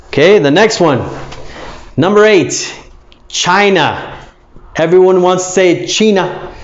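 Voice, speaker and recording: A man teaching English pronunciation, repeating each word slowly with exaggerated emphasis. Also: high-pitched. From United States. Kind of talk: pronunciation lesson. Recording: echoey room, slightly dull sound.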